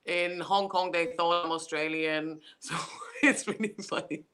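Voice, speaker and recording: Bright-voiced woman with a light German accent. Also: lowish voice, fairly even intonation, unhurried, clear, resonant tone. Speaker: guest wellness coach. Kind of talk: casual interview chat.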